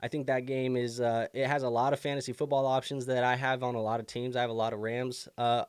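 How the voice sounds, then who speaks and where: A man's voice: mid-range voice, level tone, fast talker, clean tone, dry recording, clean studio sound. Casual man hosting a fantasy football stream. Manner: casual, thinking aloud with many fillers. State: has the hiccups. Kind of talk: live stream Q&A advice.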